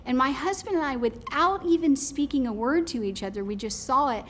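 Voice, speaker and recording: A woman giving public comment at a county meeting, telling a story in a rambling, animated way with many fillers. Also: sits high, fairly quick, a little hiss or hum.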